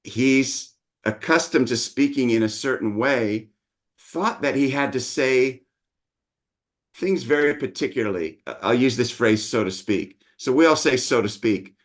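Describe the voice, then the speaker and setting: A man's voice: medium pitch, a little slow. A middle-aged man, a dialect coach, patiently explaining his teaching methods in an interview.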